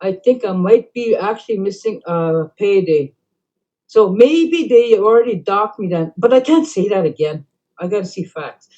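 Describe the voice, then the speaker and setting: A middle-aged woman telling a long story in casual talk, rambling with many fillers and dropping to quiet asides. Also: mid-range voice, expressive, moderate pace. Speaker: band councillor. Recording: dull lo-fi recording.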